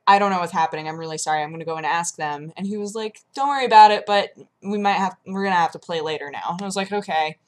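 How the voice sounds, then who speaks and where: A young woman vlogger chatting casually and telling a story, acting out her own reactions as she goes. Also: fairly low pitch. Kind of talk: casual chat.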